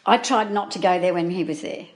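A woman being interviewed, recalling events from years ago in halting, earnest speech that often restarts mid-sentence. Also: lowish voice. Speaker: interviewee, former neighbour and friend. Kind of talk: recounting memories in an interview.

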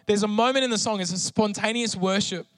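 High-voiced pastor preaching with passion. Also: male voice, a little fast, a bit bright, clean tone, no echo. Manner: impassioned, pleading prayer. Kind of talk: sermon with emotional testimony.

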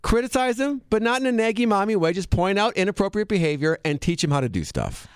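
A man's voice: sits high, quick pace, smooth, dry recording, clean studio sound. A man telling a funny story about himself as a guest on a casual podcast chat. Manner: animated self-mocking storyteller.

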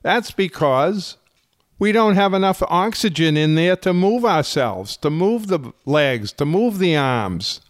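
A man who runs a fitness channel, explaining health topics in slow, deliberate, emphatic phrasing. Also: on the high side, expressive, dry recording, studio quality. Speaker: fitness instructor. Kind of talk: slow explanatory talk to camera.

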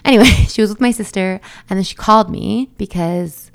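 A woman's voice: mid-range voice, a little fast, creaky. A young woman telling the story of her labor in a chatty, casual way, full of fillers, asides and laughs. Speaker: new mother telling her birth story.

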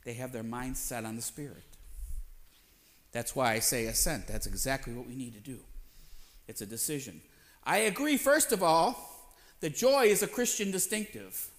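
A man's voice: mid-range voice, animated, normal speed. A man preaching a sermon as pastor, conversational, questioning the congregation and acting out little voices. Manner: acts out voices in quotes, playful asides.

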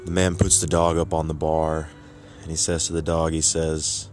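A man telling a joke as a story, unhurried with drawn-out pauses. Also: extremely low pitch, monotone, soft background music.

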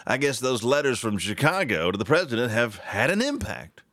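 A man hosting a political talk show, talking in a sarcastic, animated and mocking way. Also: mid-range voice, moderate pace, no room sound, clean studio sound.

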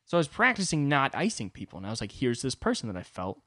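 Animated self-deprecating young man. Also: mid-range voice, quick pace, dry recording, studio quality. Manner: self-deprecating, animated, acts out quoted voices. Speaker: podcast host. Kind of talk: casual solo comedic monologue.

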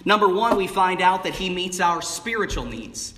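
A very animated man with a high voice preaches an evening sermon at normal speed, drawing out key words emphatically. The background is noisy, with the congregation calling out replies in the church sanctuary, all under a long hall reverb.

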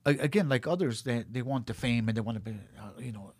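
Gravelly, profane man telling blunt stories. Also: medium pitch, fast, a little mellow, no room sound. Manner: profane, blunt, rambling storyteller. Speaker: podcast guest, cutman. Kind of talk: casual chat.

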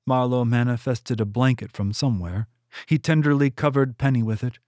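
A man reading his own novel aloud in steady audiobook narration. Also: mid-range voice, normal speed, no room sound, studio quality. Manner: steady, even storytelling.

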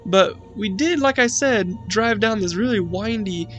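A man's voice: high voice, a little slow, fairly bright tone, soft background music. A young man casually telling a spooky story about his friends, rambling and swearing, with lots of "like". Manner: profane, rambling, heavy use of "like".

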